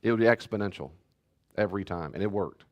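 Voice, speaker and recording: A man pastor giving a teaching talk and answering questions, telling family stories in an animated way. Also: lowish voice, fast, muffled recording. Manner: animated storyteller, acts out family scenes.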